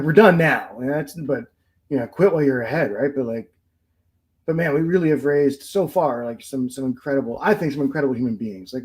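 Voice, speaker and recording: A man's voice: medium pitch, a little mellow, low-quality recording. A man in his forties, a podcast guest, telling family stories in casual chat and laughing often.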